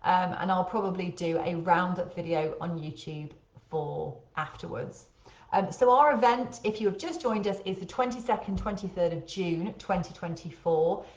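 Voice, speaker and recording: A woman's voice: on the low side, moderate pace, a little mellow. A woman with a light Birmingham accent hosting a casual live webinar, chatty and full of ums. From Birmingham, England. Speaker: host. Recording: echoey room.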